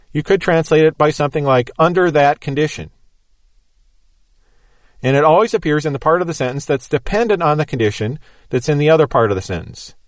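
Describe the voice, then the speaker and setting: A man's voice: on the high side, dry recording. A man giving a Bible teaching lecture, explaining step by step in an emphatic, methodical way.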